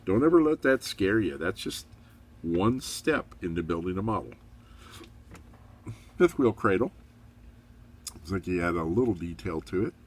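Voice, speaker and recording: Middle-aged man, very low voice, easygoing hobbyist reviewer, chatty and encouraging. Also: measured pace, long pauses. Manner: relaxed, chatty, rambling with fillers; upbeat, encouraging. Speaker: model kit reviewer.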